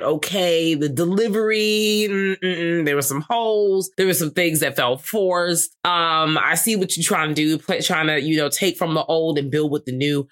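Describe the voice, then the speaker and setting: A man co-hosting a casual movie review podcast, talking in an animated, profane way and acting out quotes. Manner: animated, profane, acts out quotes with big pitch jumps. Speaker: podcast co-host.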